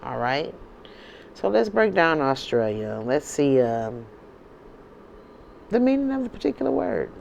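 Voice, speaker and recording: A woman's voice: low voice, big pitch swings, a little slow, creaky, long pauses, a little mellow, lo-fi sound, slight background noise. A woman from the United States hosting her own channel, talking casually and emphatically to her viewers and often checking in with "okay?" and "you know". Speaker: channel host.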